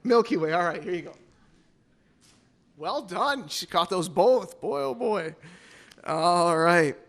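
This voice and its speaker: High, bright-toned male pastor, playful and teasing, leading a church service. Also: lively intonation, slow pace, gravelly. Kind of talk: church service, Bible trivia and introduction.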